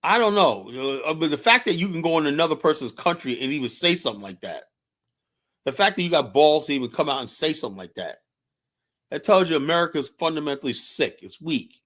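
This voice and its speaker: A man's voice: fairly high pitch, lively intonation, fast talker, fairly bright tone. Profane man ranting on a livestream. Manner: profane, heated, rambling with restarts. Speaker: livestream host. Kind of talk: casual livestream rant. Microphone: streaming setup mic.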